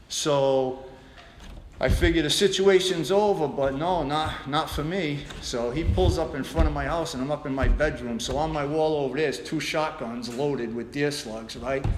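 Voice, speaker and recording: A middle-aged man telling his recovery story at a meeting, blunt and profane, with many restarts. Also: on the high side. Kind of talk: personal recovery share. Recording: echoey room with background noise.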